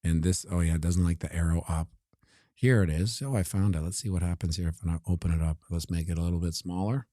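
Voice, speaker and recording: A man's voice: deep voice, fairly even intonation, fast talker, warm tone, no echo, clean studio sound. A man giving casual, joking commentary on crypto charts while looking things up on his computer. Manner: joking asides, talks while scrolling.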